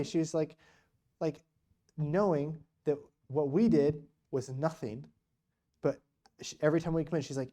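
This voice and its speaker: A man with a mellow, warm voice tells mission stories at a church gathering. He talks casually and restarts his sentences often. The delivery is relaxed and conversational. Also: on the high side. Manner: casual, animated storytelling with many restarts. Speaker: guest speaker on mission work. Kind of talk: storytelling church talk.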